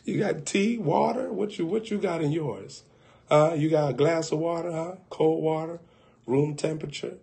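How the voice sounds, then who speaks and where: This is an eager suitor trying to hide his nerves. He speaks quietly and asks fidgety questions one after another, as a preacher puts him on. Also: fairly high pitch, normal speed, gravelly. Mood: nervous. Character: nervous, eager man on a date.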